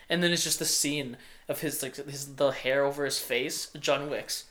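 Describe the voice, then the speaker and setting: A man's voice: mid-range voice, level tone, normal speed, sharp tone. A young man hosts a casual movie podcast. He rambles along with plenty of ums and restarts. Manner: rambling, many fillers and restarts. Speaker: podcast host.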